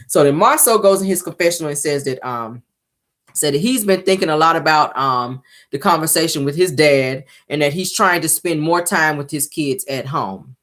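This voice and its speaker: A woman's voice: deep voice, fairly quick, fairly bright tone. A woman casually recapping a reality TV episode, talking sassily straight to her viewers. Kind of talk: casual show recap commentary.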